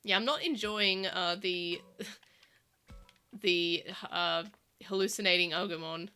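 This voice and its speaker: A woman's voice: on the low side, takes it slowly, bright, forceful tone, clean tone, faint music behind. A woman with an Australian accent chatting casually while streaming a game, rambling, with many fillers and restarts. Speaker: let's play streamer. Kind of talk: casual gameplay chat.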